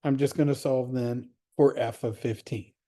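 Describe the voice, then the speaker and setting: A man's voice: mid-range voice, fairly even intonation, moderate pace, warm tone. A man teaching calculus in a casual, direct way, walking through the steps of an assignment. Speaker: math teacher.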